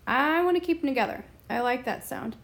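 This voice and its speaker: A woman explaining a Spanish grammar lesson in a slow, deliberate way, stopping now and then to clear her throat. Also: high-pitched, animated, a bit bright. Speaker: Spanish teacher.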